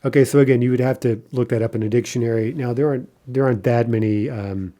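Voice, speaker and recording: A man giving a video language lesson in a mellow, warm voice. He explains patiently, with frequent fillers and a habitual "right?" to keep students with him. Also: medium pitch, fairly even intonation, fast. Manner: patient, repeats "right?" often, many fillers. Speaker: language teacher.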